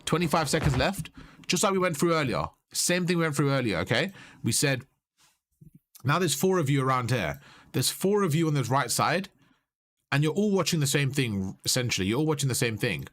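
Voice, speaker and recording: A man's voice: medium pitch, big pitch swings, a little fast, a bit bright. Man coaching over gameplay footage. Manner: instructive, repeats points with "you see?". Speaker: game coach.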